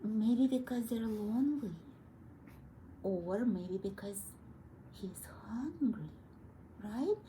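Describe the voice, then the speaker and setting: A woman giving a child a piano lesson, speaking slowly and gently in a raised, mellow voice. She coaxes and praises warmly between bits of playing, and a piano sounds softly behind her. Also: a little high, a little hiss or hum, low-quality recording. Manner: gentle, coaxing and encouraging with a child. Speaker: piano teacher.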